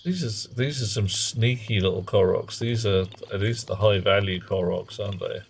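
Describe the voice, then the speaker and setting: A man's voice: on the low side, moderate pace, vocal fry, slight background noise. A man giving casual, wry commentary while streaming a game, muttering self-mocking asides. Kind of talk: casual live gameplay commentary.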